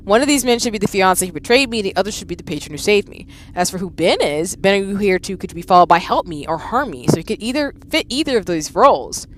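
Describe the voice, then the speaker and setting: A woman's voice: medium pitch, expressive, quick pace, hardly any pauses, a little hiss or hum, lightly acted. A woman voicing a proud, stubborn young noblewoman villainess, reading game dialogue in a formal, self-assured manner. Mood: indignant.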